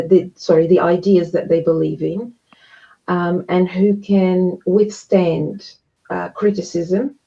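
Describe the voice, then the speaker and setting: Gravelly low-voiced woman on a muffled online call, earnest, picks her words carefully. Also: warm tone. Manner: earnest, measured, with many restarts. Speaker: guest speaker. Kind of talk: live online discussion.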